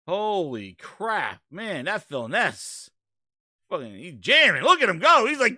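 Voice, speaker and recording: A man streaming a loud, joking reaction to a clip, shouting and cheering. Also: high voice, measured pace, no room sound, clean studio sound. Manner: excitable, shouting, joking, mock voices.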